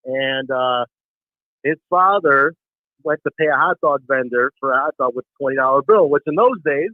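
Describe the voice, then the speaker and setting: A man calling in to a talk show, telling a long story with animated acted-out voices. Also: medium pitch, normal speed, dry recording. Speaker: caller. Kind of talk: phone-in storytelling. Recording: tinny phone line.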